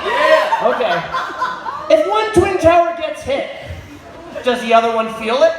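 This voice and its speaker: A man doing a crude, crowd-baiting stand-up set on a pub stage, often shouting at the audience. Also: very high voice, animated, unhurried. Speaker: stand-up comedian. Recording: echoey room with crowd noise.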